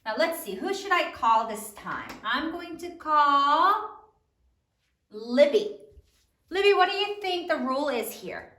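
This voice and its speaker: Slow lively-voiced woman teacher, echoey room. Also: high-pitched. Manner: slow, sounds out each letter and syllable; praises often, asks questions to students. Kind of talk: spelling lesson for third graders.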